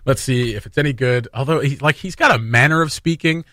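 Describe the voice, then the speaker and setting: Man, radio host, wry, sarcastic, bright voice, dry close sound. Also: medium pitch, a little fast, dry recording. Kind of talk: casual chat.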